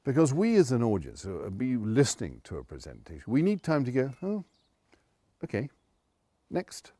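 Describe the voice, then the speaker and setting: A man's voice: mid-range voice, a little fast, no echo. A man, a presentation coach giving conversational advice straight to camera. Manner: conversational, animated, with quoted asides.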